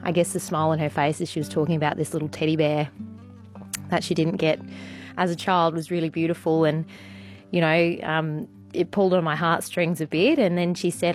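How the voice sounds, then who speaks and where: A woman's voice: low voice, little pitch movement, brisk, faint music behind. A woman telling a personal story on a radio show, rambling with lots of ums and you-knows. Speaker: radio contributor.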